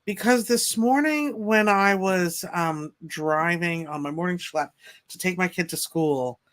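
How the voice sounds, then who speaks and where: A woman's voice: lowish voice, measured pace. A woman hosting a podcast, chatting casually in a gushing, jokey way. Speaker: podcast host.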